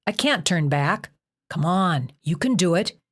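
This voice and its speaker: A woman voicing a steady, encouraging young man in an audiobook, talking calmly. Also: fairly low pitch, unhurried.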